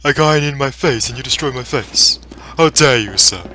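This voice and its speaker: A man voicing a brash, crude male villager from a video game while he plays, trash-talking and fawning over teammates with sudden shouts. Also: medium pitch, moderate pace, slight background noise, natural voice. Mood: outraged. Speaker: gamer voicing a character. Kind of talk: in-character gameplay commentary.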